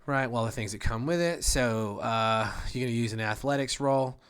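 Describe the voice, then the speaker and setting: A man's voice: mid-range voice, moderate pace, fairly bright tone, smooth. A man running a tabletop game over voice chat, casual and laughing, swearing often. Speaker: game master.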